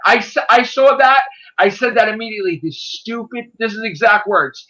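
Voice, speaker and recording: A man's voice: high voice, expressive, moderate pace, pushed and bright, rough recording. Ranting, swearing man on a livestream. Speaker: livestream host. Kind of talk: casual profane chat.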